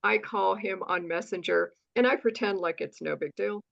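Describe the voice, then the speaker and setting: An American woman speaks as an interview guest in a creaky, medium-pitched voice at a moderate pace, and the recording has its highs cut off. She tells her story animatedly, acting out dialogue and often tossing in "right?"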